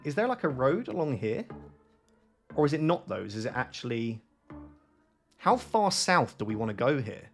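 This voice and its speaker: A man giving live gameplay commentary, thinking aloud in an excitable, self-questioning way. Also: medium pitch, vocal fry. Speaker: gaming YouTuber.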